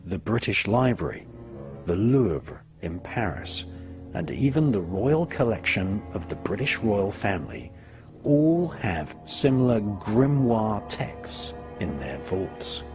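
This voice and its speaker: A man narrates a documentary in a lowish voice that rises and falls expressively. He speaks slowly and deliberately, letting each phrase drop at its end. Music plays clearly beneath the voice-over. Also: sing-song.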